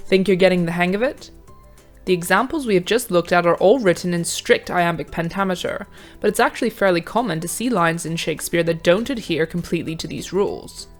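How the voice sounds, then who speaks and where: Calm woman narrating a revision lesson. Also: fairly low pitch, faint music behind. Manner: measured, clear teaching delivery. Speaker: revision tutor. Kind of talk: scripted educational narration.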